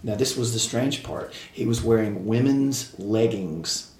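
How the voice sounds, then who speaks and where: A man's voice: fairly low pitch, measured pace, a little mellow. A man telling casual stories as a podcast guest, rambling with restarts and frequent laughter. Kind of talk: casual storytelling. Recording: roomy echo.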